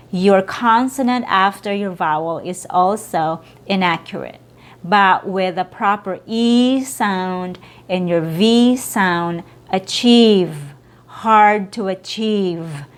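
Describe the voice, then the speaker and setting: A woman's voice: medium pitch, slow pace. A woman teaching English pronunciation, repeating each word and contrasting correct and wrong sounds. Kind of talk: slow, deliberate pronunciation lesson.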